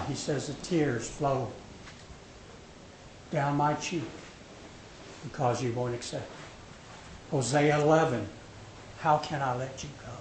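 A man preaching a sermon, dramatic, swinging from loud to hushed when he voices God's words. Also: medium pitch. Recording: echoey hall with faint noise.

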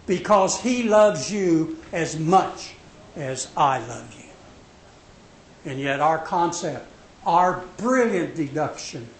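A man preaching a sermon, dramatic, swinging from loud to hushed when he voices God's words. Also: a little high. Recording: echoey hall with faint noise.

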